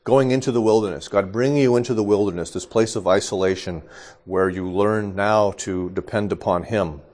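A middle-aged male pastor teaches scripture in a relaxed, chatty way, often pausing to ask "okay?" and breaking into a laugh. His voice sits a bit low and sounds a little congested from allergies. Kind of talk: informal Bible teaching.

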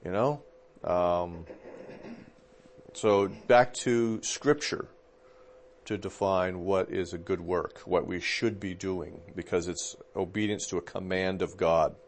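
A fairly low-voiced man preaching in a loose, conversational way. He leans on fillers as he thinks aloud and keeps checking in with his listeners with a quick "okay?". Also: a little hiss or hum. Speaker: pastor teaching a class. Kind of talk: conversational teaching.

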